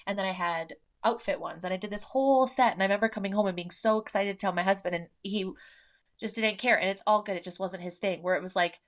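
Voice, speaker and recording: A woman's voice: mid-range voice, fast talker. Candid, chatty woman podcast host. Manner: candid and chatty, swears freely, many fillers. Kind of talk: casual chat.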